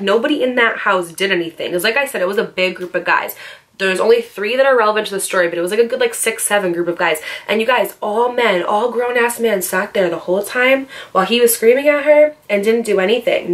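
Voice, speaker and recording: A woman's voice: mid-range voice, fairly bright tone. A woman in her twenties telling a personal story to her viewers, candid and profane, with lots of "like". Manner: candid, profane, heavy filler "like". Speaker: storytime vlogger. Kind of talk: casual storytelling.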